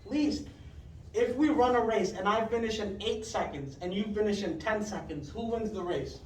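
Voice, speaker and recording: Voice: medium pitch, normal speed, darkish tone. A classroom teacher runs a math lesson, repeating each question patiently and praising pupils by name. The voice sounds distant and bounces around a roomy classroom, with a faint noise underneath. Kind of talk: fifth-grade math lesson.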